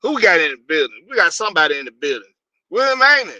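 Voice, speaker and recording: A man's voice: fairly high pitch, very animated, rapid-fire, pushed and bright, dry recording. A man hosting a casual live stream, rambling loosely and greeting viewers by name.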